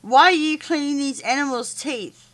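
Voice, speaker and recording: A woman voicing an indignant young boy who shouts and yells, in a storybook reading. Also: fairly high pitch, expressive, slow pace, pitched above the performer's own voice, exaggerated voice. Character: angry young boy defending animals.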